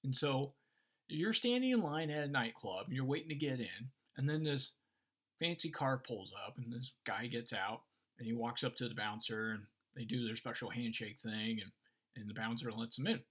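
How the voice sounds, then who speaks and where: A Christian teacher with a husky, medium-pitched voice talks at a normal speed in a casual faith discussion. He explains Christian ideas and tells stories animatedly, acting out the voices of the people in them.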